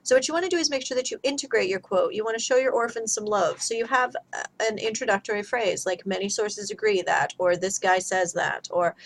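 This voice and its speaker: A woman's voice: on the high side, poor audio. Woman, teacher, chatty grammar lesson, step-by-step explaining.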